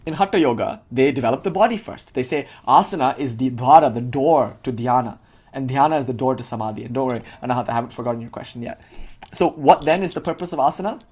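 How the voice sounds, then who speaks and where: A man's voice: medium pitch, a little mellow, breathy edge. A man giving an informal spiritual talk to his students, speaking casually with lots of "like" and laughing often. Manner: casual, heavy with filler "like", frequent laughter. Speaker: spiritual teacher.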